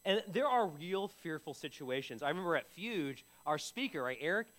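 A man's voice: a little high, big pitch swings, normal speed, a bit bright. A man preaching a sermon in a conversational way, often repeating and restarting his words. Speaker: pastor.

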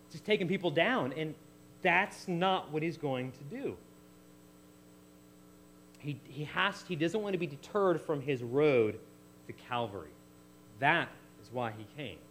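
A male preacher works through a passage verse by verse and voices the people in it as he goes. His pitch swoops widely and sits slightly high. A faint hum runs underneath. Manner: animated, acts out biblical figures in quotes. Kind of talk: expository sermon.

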